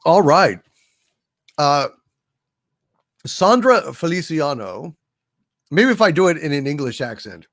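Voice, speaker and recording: A man's voice: on the high side, very animated, slow, long pauses, fairly bright tone, dry recording, studio quality. A man hosting a live stream, reading out viewer super chats, playful and self-mocking, a bit tired. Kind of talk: casual live-stream chat.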